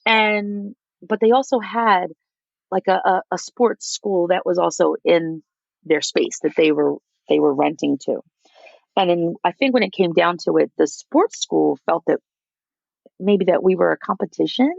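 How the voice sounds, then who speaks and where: Woman guest, casual storyteller, gravelly texture, muffled dry audio. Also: fairly low pitch, measured pace, no echo. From United States. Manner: animated, acts out quotes of others. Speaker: micro school founder, guest.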